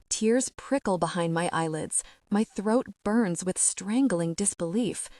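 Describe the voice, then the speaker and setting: A woman reading a romance audiobook as emotive first-person scripted narration, with measured, dramatic slowdowns. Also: medium pitch, darkish tone, dry recording, studio quality.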